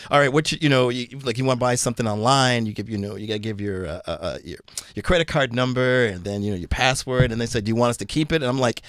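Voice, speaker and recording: A man's voice: mid-range voice, quick pace, few pauses, a bit bright. A man, a comedian guest on a panel, talking in a laid-back, rambling way. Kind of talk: casual panel chat.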